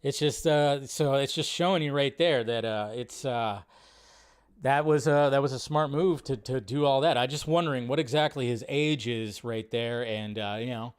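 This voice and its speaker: Excitable rambling man reacting to a trailer. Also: medium pitch, normal speed, clear, resonant tone. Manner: excitable, rambling, swears freely. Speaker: host. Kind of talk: casual live-stream commentary.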